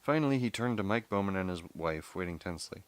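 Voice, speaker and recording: A man reading a novel aloud, steady but with occasional stumbles and self-corrections. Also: deep voice, fast talker, clean tone, no echo.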